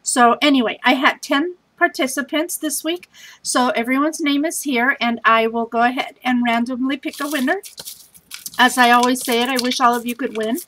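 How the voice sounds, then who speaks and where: A woman hosts a scrapbooking challenge video from home, sounding worn out. Her talk is chatty and scattered, full of self-deprecating asides. Her voice sits a little higher than most women's. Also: normal speed, fairly bright tone, poor audio. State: tired. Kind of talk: casual vlog chat.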